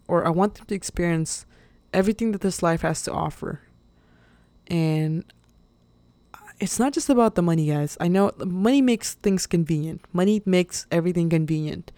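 A woman's voice: on the low side, darkish tone, dry recording. A woman hosting her own podcast, talking in a casual, rambling, earnest way, with many fillers and little laughs. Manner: openly emotional and earnest. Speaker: podcast host. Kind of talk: casual solo podcast monologue.

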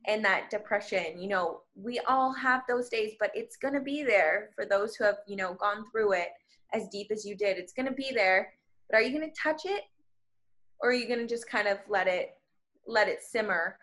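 A woman's voice: medium pitch, normal speed, a bit bright. Candid woman sharing her story. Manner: candid, heartfelt. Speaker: podcast guest. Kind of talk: personal storytelling in conversation.

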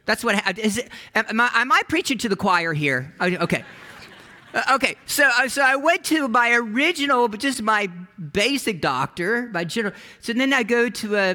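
A man's voice: high voice, pushed and bright. A man preaching a sermon as pastor, telling stories in a conversational way with frequent restarts.

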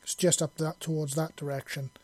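A man's voice: on the high side, flat delivery, brisk, a little mellow, breathy edge, dry recording. A man voicing a young male pilot who talks in an easygoing, informal way. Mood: casual.

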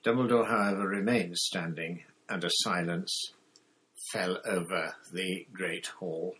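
A man narrating a storybook chapter in a measured, deliberate reading. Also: low voice, steady tone, pushed and bright, rough recording. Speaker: audiobook narrator. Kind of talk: scripted narration.

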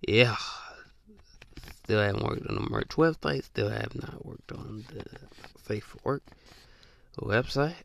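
Young male podcast host, casual rambling rant, slang-heavy, bright edge, dry close mic. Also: on the low side, slow pace, vocal fry, long pauses, no room sound. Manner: loose, rambling, emphatic with slang. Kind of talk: casual monologue.

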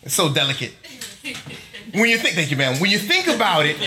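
A man's voice: a little high, huge pitch swings, a little fast, pauses often. A middle-aged male pastor preaching a sermon to a congregation, emphatic, building long chanted lists. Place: church before a congregation.

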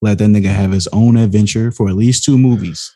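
A man's voice: on the low side, steady tone, brisk, dark tone, no room sound, clean studio sound. A man co-hosting a podcast in laid-back casual chat. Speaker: podcast co-host.

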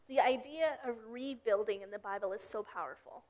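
A woman's voice: on the high side, moderate pace, hardly any pauses, darkish tone. A young woman giving a casual sermon, telling Bible stories and acting out the characters' lines. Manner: storytelling, acts out characters' lines. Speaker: preacher.

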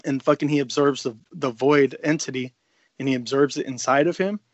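A man co-hosting a podcast, excitedly recapping a comic story in casual chat, swearing freely and rambling. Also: mid-range voice, brisk, no echo, highs cut off. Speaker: podcast co-host.

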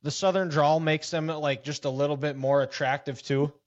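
A man's voice: fairly high pitch, fairly even intonation, normal speed, dry recording. A man hosting a casual podcast, laid-back and teasing with dry quips, also reading the show's wrap-up. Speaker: podcast host. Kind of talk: casual chat. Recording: dull, dry, lo-fi podcast audio.

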